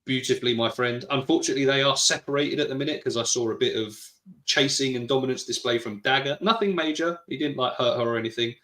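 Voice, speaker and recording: A British man co-hosts a podcast, reading out live chat messages and teasing his co-host in a casual, argumentative back-and-forth, laughing often. His mid-range voice is fast and a bit bright, with a roomy sound.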